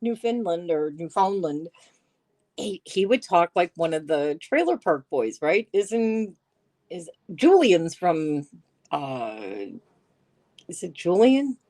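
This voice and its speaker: Brief: middle-aged woman, live-stream host, unhurried and sarcastic, chatty with viewers. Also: fairly low pitch, very animated, warm tone. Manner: sarcastic, laughs often, chats with viewers. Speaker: livestream host reading chat. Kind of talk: casual live-stream chat.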